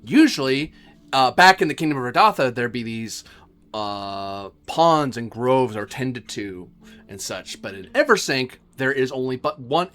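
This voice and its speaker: A man at a middle pitch explaining game lore, breaking off and correcting himself mid-sentence. He speaks in a brisk, casual way. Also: fairly bright tone. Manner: quick, self-correcting explanations. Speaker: player. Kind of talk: tabletop role-play chat.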